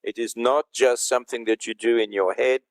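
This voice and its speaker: A man's voice: mid-range voice, fairly even intonation, brisk. An older man, a professor, giving an online conference lecture and explaining step by step while checking that listeners can hear him.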